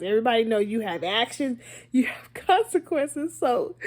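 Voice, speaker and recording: A woman vlogger chatting casually to her viewers, laughing often and asking them rhetorical questions. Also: high voice. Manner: playful, laughs often between lines. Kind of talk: casual monologue to camera.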